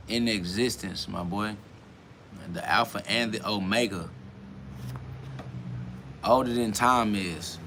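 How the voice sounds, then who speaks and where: Young man, podcast host, slangy and profane, rambling livestream talk, crisp edge, gravelly fry. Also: mid-range voice, a bit bright, a little hiss or hum. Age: 20s. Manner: rambling, slangy and profane, with frequent "you feel me" fillers. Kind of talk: casual livestream monologue reading chat.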